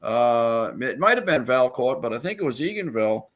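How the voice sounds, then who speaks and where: Male guest, mid-pitched, rambling casual storyteller with lots of restarts. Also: very animated, normal speed, fairly bright tone, a little hiss or hum. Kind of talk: casual chat.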